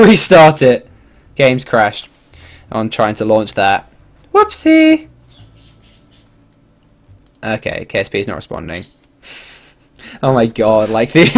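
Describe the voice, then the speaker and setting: Lively, rambling male game streamer. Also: mid-range voice. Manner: animated, rambling, swears and laughs freely. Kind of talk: casual livestream commentary.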